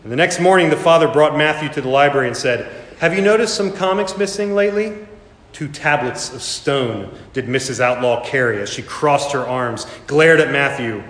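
A man's voice: medium pitch, moderate pace, few pauses, fairly bright tone. A man preaching a sermon, telling a story with dramatic rises and voicing the characters in it. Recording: echoey hall, reverberant room.

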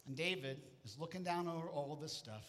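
A man preaching a sermon, telling a story with lively acted-out voices. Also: on the high side, brisk. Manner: animated storytelling, acting out voices. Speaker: pastor. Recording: hall reverb.

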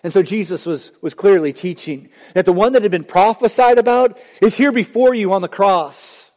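High-voiced male pastor in a reverberant hall. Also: moderate pace, a little mellow. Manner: dramatic preaching, voice rising and dropping sharply. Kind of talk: sermon.

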